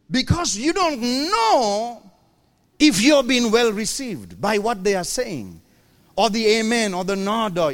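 A pastor preaching a sermon in a church, animated and playful, acting out his congregation's voices and teasing the crowd. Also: high-pitched, takes it slowly.

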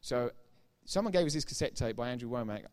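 A man's voice: medium pitch, lively intonation, fast. Man, preacher, sermon testimony, retold dialogue, rising emphasis. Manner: retells dialogue with repeated "I said, he said"; grows loud and emphatic when preaching.

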